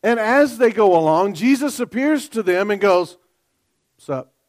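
A man preaching a sermon, moving between quiet scripture reading and loud, excited asides to the congregation. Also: high voice, normal speed. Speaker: pastor.

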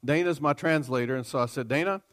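A man's voice: mid-range voice, fast talker, a bit bright. A man preaching a sermon in a church, emphatic and calling on the congregation to respond. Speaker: pastor.

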